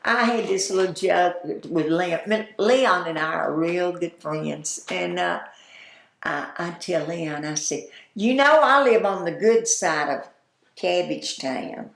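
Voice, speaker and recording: An older woman with a Southern drawl tells her memories in a slow, folksy way, breaking into laughs. Her voice is low and gravelly. The room around her is echoey. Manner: folksy, chatty, laughs while telling anecdotes. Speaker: interviewee, former store owner. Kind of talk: oral history storytelling.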